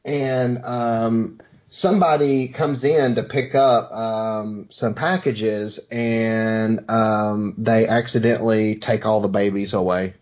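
A man's voice: on the low side, fairly even intonation, takes it slowly, a little mellow. A man hosting a podcast, making up a silly story on the spot in a rambling, hesitant way. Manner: improvises a made-up plot, rambling and hesitant. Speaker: podcast host. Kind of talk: casual podcast banter. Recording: dull lo-fi podcast audio.

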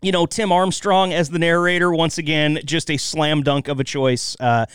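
A man's voice: on the high side, flat delivery, normal speed, fairly bright tone, smooth, no room sound, studio quality. A man hosting a podcast, chatting casually with his guest and laughing often. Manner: laughs often, short back-channel replies. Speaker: podcast host. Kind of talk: casual chat interview.

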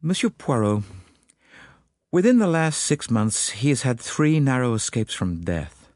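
A man voicing a determined American woman of about thirty, speaking with an American accent in an earnest, brisk, worried way, in an audiobook. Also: medium pitch, sing-song, darkish tone, no echo, studio quality.

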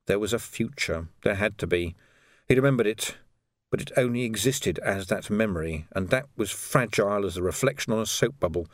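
A man reading a novel aloud as narrator in a measured, expressive way. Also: on the low side, no echo, clean studio sound. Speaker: audiobook narrator. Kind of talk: scripted narration.

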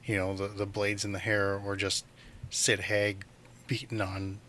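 A man with a low but bright voice joins a film podcast as a guest and talks playfully. Faint noise sits behind his voice. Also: completely flat delivery, unhurried. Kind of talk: casual movie discussion.

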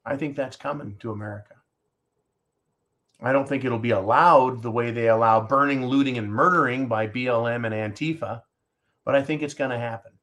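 A man's voice: mid-range voice, a little fast, fairly bright tone. A man hosting a talk show, ranting in angry, sarcastic political commentary and answering listener comments.

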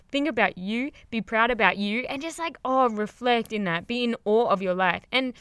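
A young woman, a yoga teacher, hosts a casual motivational podcast, rambling and upbeat, swearing freely and laughing often. She's crouched under blankets and very close to the mic, so the recording is clean and dry. Her voice is on the high side and a bit bright.

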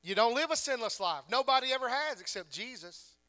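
A man's voice: very high voice, expressive, a little fast, bright, forceful tone. A pastor preaching a sermon to his congregation, asking emphatic rhetorical questions.

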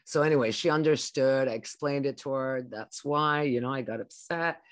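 A woman's voice: extremely low pitch, moderate pace, no echo. Chatty woman podcast co-host, dry sound. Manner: chatty, anecdotal, quotes her own words to her child. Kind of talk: casual chat.

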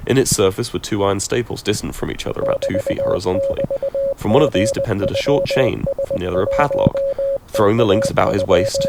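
A man giving a measured, expressive reading of a classic horror story, with occasional stumbles. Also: on the low side, very noisy. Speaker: reader.

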